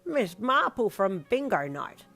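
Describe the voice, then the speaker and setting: A woman voicing a cheerful elderly grandfather in a storybook reading, loud and teasing. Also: mid-range voice, very animated, a little slow, creaky, soft background music, pitched above the performer's own voice, exaggerated voice. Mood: jolly.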